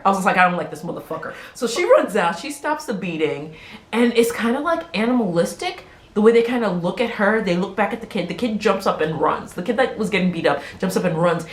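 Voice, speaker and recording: A woman's voice: mid-range voice, roomy sound. A woman chatting casually as she recaps a TV episode, acting out the characters' lines and laughing often. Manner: animated storytelling, acts out quotes, laughs often.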